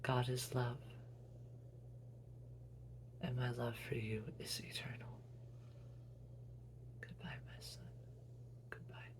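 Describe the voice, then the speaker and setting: Brief: man doing a tender dying older mother, barely above a whisper, unhurried. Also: medium pitch, little pitch movement. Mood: fading. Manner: soft breathy whisper.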